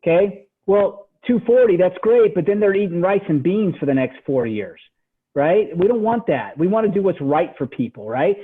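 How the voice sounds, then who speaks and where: High-voiced man coaching on a phone line. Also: normal speed, slightly rough. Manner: animated, repeats "right?" after each point. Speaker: real estate trainer. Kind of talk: motivational training talk. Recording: tinny phone-line audio.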